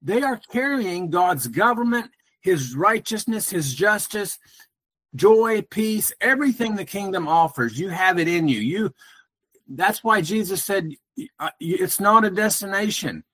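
Earnest male caller, slightly high voice, halting phone-in delivery. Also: animated, fairly bright tone. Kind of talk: casual call-in chat.

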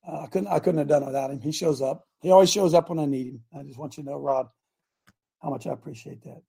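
Gravelly-voiced man preaching on air. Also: a little high, fast talker, mellow. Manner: emphatic, rambling preacher. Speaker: radio show host. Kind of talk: preaching talk show.

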